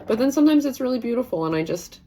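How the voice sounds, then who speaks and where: A woman in her thirties hosts a live stream, chatting casually, rambling, laughing often, and reading viewer comments aloud. Her voice is on the high side, gravelly and warm, with lively intonation and a very fast pace, and there's slight background noise.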